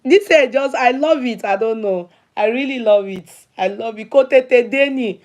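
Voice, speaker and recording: A middle-aged Nigerian-accented woman hosts a relaxed livestream, calling out viewers by name and dropping in Yoruba phrases. Her voice sits on the high side, a little mellow, at a normal speed.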